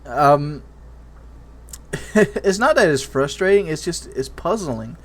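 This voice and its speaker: Rambling and slow, a man with a fairly high voice and lively intonation offers casual YouTube commentary. He tells a candid parenting story, circling back with repeated words and many restarts.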